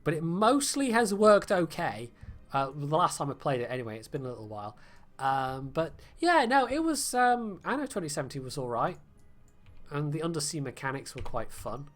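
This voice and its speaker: With a sing-song lilt and a voice on the high side, a British game streamer offers casual livestream commentary at a moderate pace. He rambles along with many fillers and self-deprecating wit, soft background music behind him.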